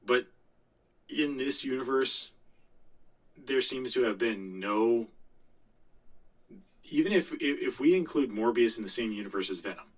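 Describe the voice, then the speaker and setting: A man's voice: mid-range voice, lively intonation, measured pace, pauses often, far from the mic, low-quality recording. A man co-hosting a podcast, giving a blunt, rambling movie review with lots of restarts. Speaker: podcast co-host. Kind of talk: casual movie review chat.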